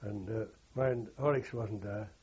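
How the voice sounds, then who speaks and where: A man's voice: fairly low pitch, steady tone, a little slow, darkish tone, breathy edge. An older man, a war veteran telling rambling oral history anecdotes and quoting others with "he says". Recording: dull lo-fi recording.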